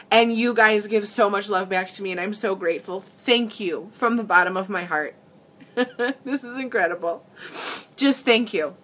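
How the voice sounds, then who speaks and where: Woman, makeup livestream, casual chat, bright voice, gushing and tearful. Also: medium pitch. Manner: gushing, excitable, greets viewers.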